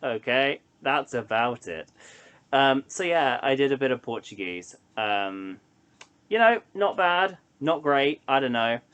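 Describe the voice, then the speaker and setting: A man's voice: medium pitch, lively intonation, measured pace, a bit bright, clear, resonant tone, dull audio. A young man chatting casually to camera in a solo vlog, rambling and hesitant with lots of ums and restarts. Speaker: vlogger.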